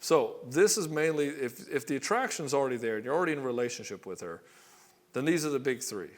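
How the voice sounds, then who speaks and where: The coach talks fast in a mid-range voice with lively intonation. Speaking directly to camera, he advises husbands on relationships bluntly, swears casually and acts out both partners in short skits.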